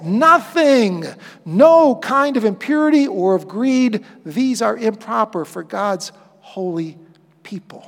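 A man preaching a sermon as pastor, with dynamic delivery that swings from loud emphasis to hushed asides. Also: high-pitched, expressive, slow pace, vocal fry, long reverb tail.

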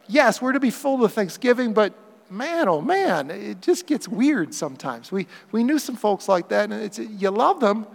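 High-voiced pastor preaching in a reverberant hall. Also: male voice, creaky. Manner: animated preaching, acts out quoted voices for humor. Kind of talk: sermon.

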